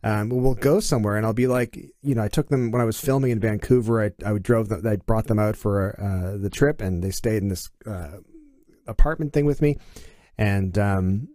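A man's voice: fairly low pitch, normal speed, warm tone, no echo, clean studio sound. A middle-aged man from Canada, a podcast guest telling stories in casual conversation and acting out quoted dialogue with animation.

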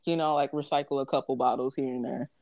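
A young woman with a deep, low-pitched voice in loose, casual conversation. She tells stories in an animated way, full of fillers and asides to her listeners, and hosts the talk. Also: quick pace. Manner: animated storytelling, frequent fillers. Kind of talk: casual chat.

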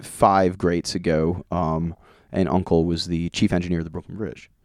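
A man being interviewed, telling rambling family stories in a casual, animated way and laughing often. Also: low-pitched, normal speed, no room sound, studio quality. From Long Island, New York. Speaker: guest musician.

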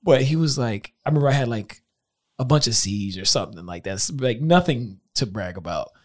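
A man telling a story on a casual podcast. His pitch jumps around a lot as he acts out the scene, and he laughs often. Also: animated, brisk. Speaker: podcast co-host.

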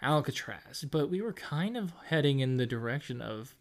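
A young adult co-host of a casual chat podcast, reading from a script but often breaking into giggles. The delivery is animated and full of laughter when telling stories. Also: mid-range voice, normal speed.

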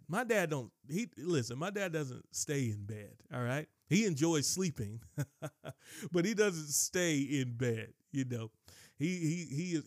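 A man's voice: medium pitch, no echo, clean studio sound. Emotional male preacher telling a story. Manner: emotional, repeats "ladies and gentlemen", many restarts. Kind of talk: sermon with personal story.

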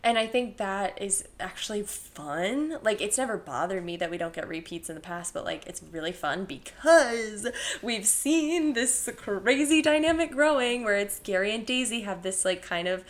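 A woman's voice: mid-range voice, moderate pace, few pauses. A young woman co-hosting a podcast in casual chat, chatty and playful, laughing often. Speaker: podcast co-host.

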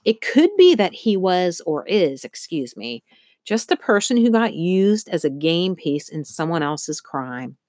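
A woman's voice: fairly low pitch, very animated, a little slow, darkish tone, dry recording, studio quality. Woman reading as a blunt policeman. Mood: earnest. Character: stern male police officer, blunt and earnest.

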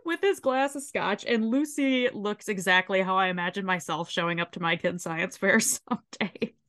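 A woman's voice: medium pitch, moderate pace. Casting note: young adult woman, podcast co-host, loose profane recap, laughs as she goes. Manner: swearing, laughing, animated retelling. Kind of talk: casual episode recap.

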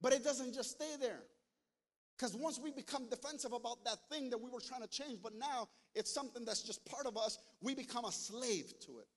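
A man preaching a sermon as pastor, talking straight to his congregation and building to loud, emphatic passages. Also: very high voice, fairly quick. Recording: long hall reverb.

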